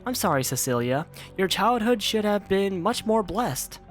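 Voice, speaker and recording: A man voicing a weak, dying mother who coughs and speaks slowly and tenderly to her child. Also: sits high, big pitch swings, soft background music, voice pushed up. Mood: tender, mournful. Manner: soft, slow, tender pleading.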